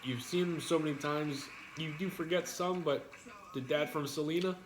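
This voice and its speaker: A man's voice: on the high side, moderate pace, noisy background. A man chatting casually and crudely while eating on a food stream, teasing his partner. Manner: joking, crude, banters with partner. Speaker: mukbang streamer. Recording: echoey room.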